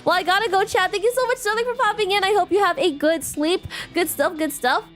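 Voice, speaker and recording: A woman's voice: extremely high pitch, quick pace, faint music behind. A bubbly young woman streaming a game, chatting with her viewers and reading the game's text aloud. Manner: bubbly, giggly, lively. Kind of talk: live game stream chat.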